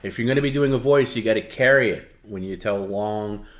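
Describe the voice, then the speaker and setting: A man's voice: on the low side, fairly quick, a bit bright. A man co-hosting a livestream, correcting and coaching a performer in a wry, casual way.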